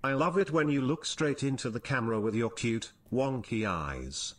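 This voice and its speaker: A male text-to-speech voice reading out viewers' donation messages in a flat, even way. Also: medium pitch, moderate pace.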